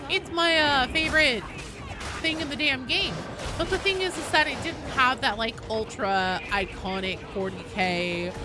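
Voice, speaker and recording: A woman game streamer chatting casually with her viewers while playing, swearing freely and greeting people in chat. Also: sits high. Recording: game music playing behind the voice.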